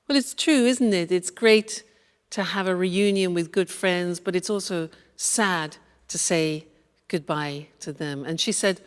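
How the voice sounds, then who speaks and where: Woman English teacher, lowish voice, slow and patient, long reverb. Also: clean tone. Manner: patient, repeats phrases slowly for learners. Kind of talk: slow explanatory lesson.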